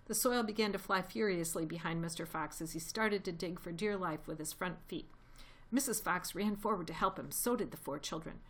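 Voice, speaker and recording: A woman narrating a children's storybook aloud, gently expressive. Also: fairly low pitch, fairly quick.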